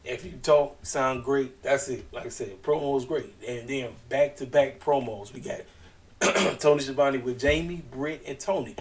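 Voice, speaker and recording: A man's voice: medium pitch, moderate pace, distant mic, slight background noise. A man giving a casual, slangy wrestling show recap, chatty and acting out what people said. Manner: chatty, slangy, retells scenes in quoted voices.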